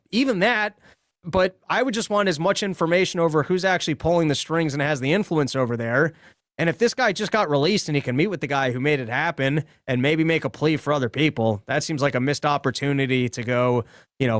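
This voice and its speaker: A man co-hosting a political podcast, reasoning things through aloud at a measured pace. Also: a little high, dry recording, clean studio sound. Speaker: podcast co-host. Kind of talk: political discussion chat.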